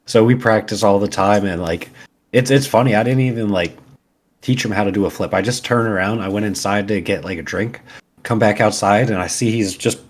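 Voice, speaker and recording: Wrestler guest, man in his 30s, lowish voice, relaxed storyteller, laughs easily. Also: fairly quick. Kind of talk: casual interview chat.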